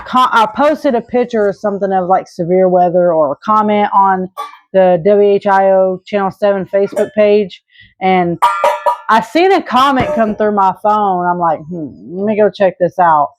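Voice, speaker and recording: In a casual Q&A, a woman in her thirties from Arkansas responds to viewers in an earnest, rambling manner, often restarting and filling pauses. Her voice is mid-range, the recording is rough, and there's no echo.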